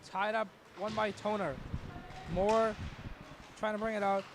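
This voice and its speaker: Young guy doing hockey play-by-play, super high voice, gets loud on chances, lots of rink noise behind. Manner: rapid, excitable, rising to shouts on chances. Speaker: play-by-play commentator. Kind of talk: live hockey play-by-play commentary.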